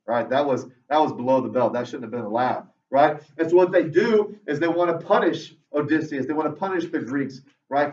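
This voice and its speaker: A male English teacher giving a lively classroom lecture to students, ending nearly every sentence with "right?". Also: a little high. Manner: tags most sentences with "right?"; lively, talks straight to students. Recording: roomy, dull classroom audio from far off.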